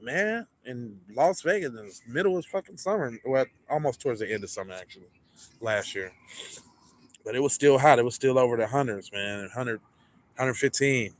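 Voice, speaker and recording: Animated, profane man telling a story. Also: medium pitch. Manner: animated, profane, acts out the people in his story. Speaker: podcast storyteller. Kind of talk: casual storytelling.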